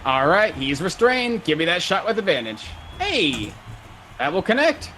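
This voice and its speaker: A man's voice: sits high, very animated, measured pace, pushed and bright, slight background noise. A man running a tabletop game as game master, narrating vividly with spoken sound effects.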